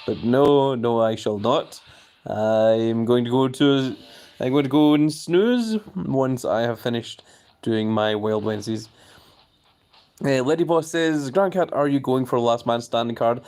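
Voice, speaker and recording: A man's voice: medium pitch, measured pace, darkish tone. Speelse man die chatberichten voorleest. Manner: reads viewer comments aloud and reacts with playful bafflement; jokingly formal, refers to himself in the third person. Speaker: live streamer reading chat. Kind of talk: casual live-stream chat.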